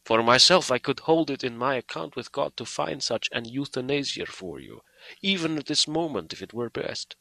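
A man doing a solemn elderly doctor, slow and pleading, bright dry voice. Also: fairly low pitch, animated, no room sound, exaggerated voice, rough recording. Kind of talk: audiobook character voice.

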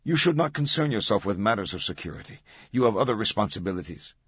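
A man's voice: mid-range voice, sing-song, moderate pace, breathy edge, no room sound, voice pushed up. A man playing a stiff military commander. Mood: insistent. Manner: stiff, clipped, insistent. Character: rigid military male commander, apologetic but unyielding. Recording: dull dry audiobook recording.

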